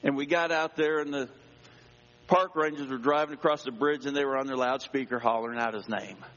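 A male pastor telling a personal story in a sermon, dramatic, dropping to a hush and rising again. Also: medium pitch, steady tone, brisk. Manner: dramatic, swings between hushed and raised voice. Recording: dull sound with long hall reverb.

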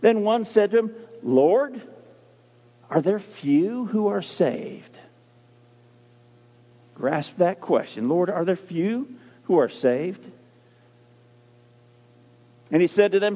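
A man preaches to his church in a high, husky voice, pressing each point with pauses and repetition. The recording is dull and lo-fi, and a long reverb trails through the sanctuary. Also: expressive. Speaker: pastor. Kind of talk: sermon. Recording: muffled lo-fi sound in a reverberant hall.

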